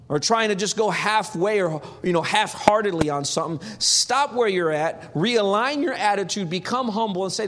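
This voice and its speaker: A man preaching a sermon in a lively, humorous, conversational way. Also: high voice. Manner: animated, humorous, acts out quotes.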